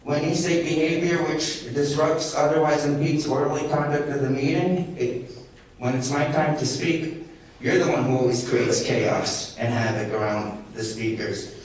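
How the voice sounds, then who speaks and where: A man's voice: a little high, steady tone, moderate pace. A man speaking through a medical mask at public comment in a council meeting, agitated and argumentative, repeating himself. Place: large council chamber. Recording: echoey council chamber, distant mic, faint hiss.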